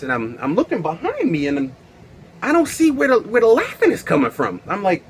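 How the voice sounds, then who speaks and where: A man's voice: sits high, huge pitch swings, fairly quick, slight background noise. A man telling a personal story in a casual, slangy way, with lots of fillers and laughs. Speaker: storyteller vlogger.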